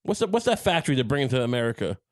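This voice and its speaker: A man's voice: medium pitch, very animated, rapid-fire. Rambling, swearing male comedian guest. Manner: rambling, provocative, full of fillers and swearing. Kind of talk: casual comedy podcast banter.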